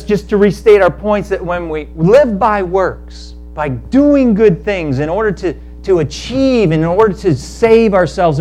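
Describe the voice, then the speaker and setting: A man preaching a sermon, telling a parable in animated storytelling style and acting out the characters in quick asides. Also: sits high. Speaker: pastor.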